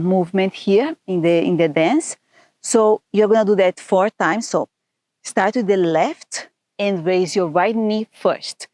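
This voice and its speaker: Female dance teacher, slow counted instruction, patient, dry close sound. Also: medium pitch, a little mellow, dry recording. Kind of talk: step-by-step dance tutorial with counting.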